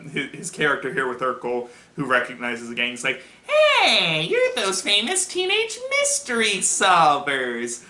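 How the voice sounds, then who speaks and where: A man's voice: mid-range voice, sharp tone. A young man casually reviewing a cartoon episode, rambling with restarts and frequent laughter. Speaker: show reviewer. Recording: echoey room.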